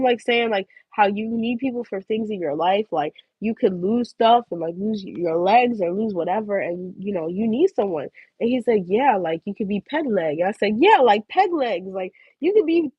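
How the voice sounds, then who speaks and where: Chatty young woman, husky lo-fi voice. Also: mid-range voice, no echo. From Philadelphia. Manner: chatty storytelling, laughs a lot. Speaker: tarot livestream host. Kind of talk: casual livestream chat. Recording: dull lo-fi stream audio.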